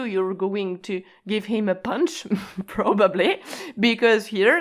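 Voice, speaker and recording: A woman teaching a language in a casual, informal way. She explains patiently, repeats her points and often checks that the listener is following. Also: mid-range voice.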